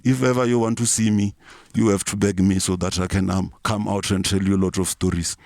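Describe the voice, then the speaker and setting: A South African man with a lowish voice rambles through a comic rant, swearing freely and sermonizing in mock earnest. The sound is dry and close, with no room around it. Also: a little mellow, dry recording. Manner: rambling, profane, mock-preachy. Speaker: comic storyteller.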